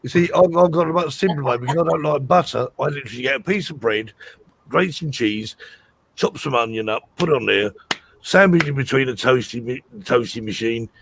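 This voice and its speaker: Chatty man with gravelly voice. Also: medium pitch, a little fast, a little hiss or hum. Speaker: co-host. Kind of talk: live show chat.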